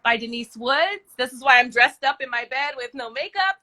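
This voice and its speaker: A woman joins a casual live chat as a guest, speaking from her bed over a video call. She sounds enthusiastic and affectionate. Her voice is bright and fairly high. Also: expressive, moderate pace. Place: in bed at home.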